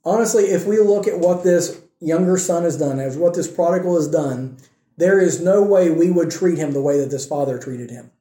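Fairly high, mellow-voiced male preacher. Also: normal speed. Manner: emphatic preaching with rhetorical questions to the congregation. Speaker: pastor. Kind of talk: sermon. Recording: echoey room.

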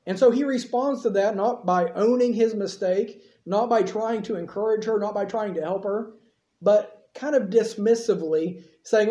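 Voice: mid-range voice, normal speed, warm tone. A preacher giving a sermon who retells the story in plain, conversational language with casual asides. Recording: echoey, slightly dull sermon recording.

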